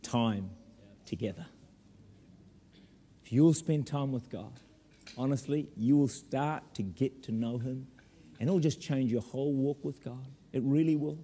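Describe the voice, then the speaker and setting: A man preaching a sermon as pastor in a church, animated with humorous asides. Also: medium pitch, unhurried, long pauses, slightly rough, long reverb tail.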